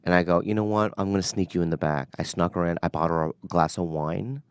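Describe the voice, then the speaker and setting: A man on a podcast telling a casual personal story, animated and acting out the people in it. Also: deep voice, quick pace, clean tone, no echo. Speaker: podcast guest.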